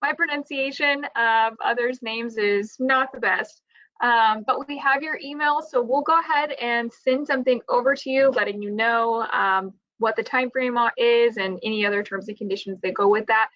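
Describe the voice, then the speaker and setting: A woman moderating a webinar, making chatty announcements in a slightly hoarse voice. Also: a little high, normal speed, a bit bright. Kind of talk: webinar hosting. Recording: dull lo-fi webinar audio.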